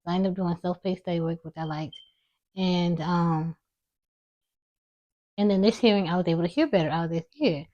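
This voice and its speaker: Soft-spoken young woman, mumbling low. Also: a little fast, long pauses, muffled recording. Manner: low, mumbling speech with a slight lisp. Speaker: vlogger. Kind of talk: casual personal storytelling to camera.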